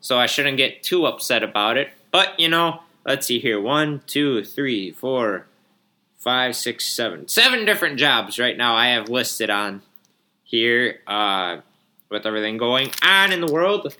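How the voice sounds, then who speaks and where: A man's voice: medium pitch, big pitch swings, a little slow, sharp tone. A young man in his twenties hosting a casual solo podcast, rambling with lots of fillers and sarcastic grumbling while yawning now and then. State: yawning, a bit drowsy. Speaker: podcast host.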